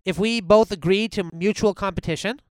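Male comedy host, improv sketch, keen and emphatic, smooth voice, dry close sound. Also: high-pitched, a little fast, no room sound.

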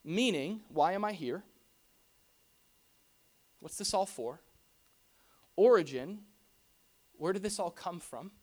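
A pastor giving a conversational sermon to a congregation, animated and full of rhetorical questions and casual asides. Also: mid-range voice, takes it slowly, pauses often. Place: church hall before a congregation.

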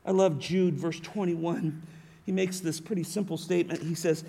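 A high-pitched man, middle-aged, preaches from the pulpit in an earnest tone. He explains scripture with steady conviction, often stopping to correct himself and restart a phrase. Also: normal speed, creaky, slightly rough. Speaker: pastor. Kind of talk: sermon.

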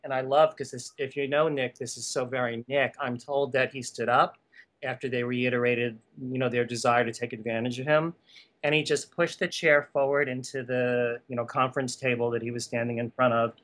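A man speaking as a guest on a podcast interview, an animated storyteller who laughs often and drifts into asides. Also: mid-range voice, normal speed. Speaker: guest, animation art conservation director.

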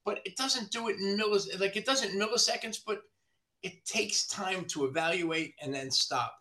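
Ranting, profane man with a high voice. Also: normal speed, sharp tone. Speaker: body shop owner, podcast guest. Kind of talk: casual podcast chat.

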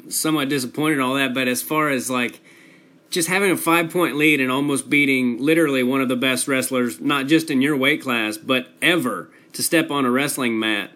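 A man hosting a casual interview, talking in a relaxed, admiring way and swearing freely. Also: medium pitch, normal speed. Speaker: podcast host. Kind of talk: casual chat.

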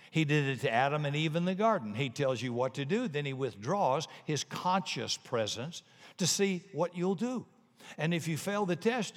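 Folksy preacher man in a big hall. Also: on the high side. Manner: folksy, punchy, animated storytelling. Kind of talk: sermon with jokes. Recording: long hall reverb.

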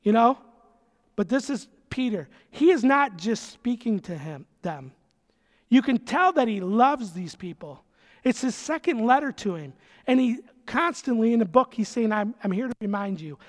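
High-voiced pastor preaching in a reverberant hall. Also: male voice, very animated, a little slow. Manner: emphatic, repeats phrases, casual asides. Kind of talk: conversational sermon. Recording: long reverb of a large hall.

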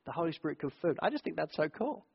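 A middle-aged British pastor with a high-pitched, fast, gravelly and slightly rough voice preaches a sermon, drifting easily into lively personal anecdotes in a conversational, animated way. A long hall echo surrounds him, and the recording sounds dull and lo-fi.

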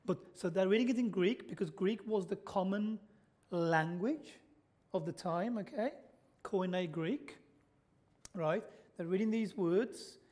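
A man gives a sermon in a church. His voice sits high for a man, and he keeps it conversational, throwing questions out to the congregation and checking in with "okay?" as he goes. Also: darkish tone. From Britain. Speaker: preacher.

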